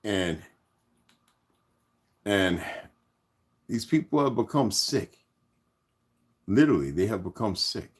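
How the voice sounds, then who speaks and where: A man's voice: fairly low pitch, lively intonation, takes it slowly, pauses often, husky. A man, talking casually to his viewers in a loose, rambling vlog. He drifts from point to point and keeps addressing the audience directly. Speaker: channel host.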